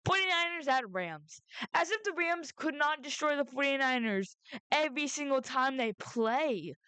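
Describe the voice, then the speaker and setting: A woman's voice: sits high, animated, moderate pace, bright, forceful tone, dry recording. A young woman making football picks in casual, rambling chat, often interrupting herself with jokey asides. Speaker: sports predictions vlogger. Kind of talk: casual chat with mock phone call and bits. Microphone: headset or headphone mic.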